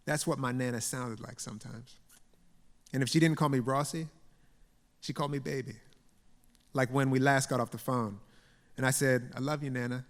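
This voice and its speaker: Man reading poetry in a reverberant theater. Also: mid-range voice. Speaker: poet giving a keynote reading. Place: theater stage. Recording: long hall reverb in a theater.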